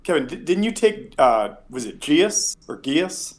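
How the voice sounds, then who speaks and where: A man's voice: mid-range voice, big pitch swings, normal speed. A man playing a tabletop game, breaking in eagerly with stammered questions. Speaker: player. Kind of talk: casual tabletop play.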